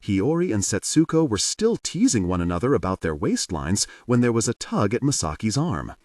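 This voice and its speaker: A man narrates an audiobook with expressive delivery. His lowish voice rises and falls widely. The sound is dry, with the mic a little distant. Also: normal speed, no echo.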